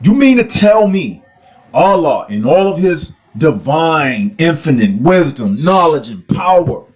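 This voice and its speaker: A man rants like a preacher, mocking his listeners with rhetorical question after rhetorical question. His voice sits high and swings widely. He takes his time, leaning hard on each challenge. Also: very animated, measured pace. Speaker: religion critic. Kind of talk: preaching rant.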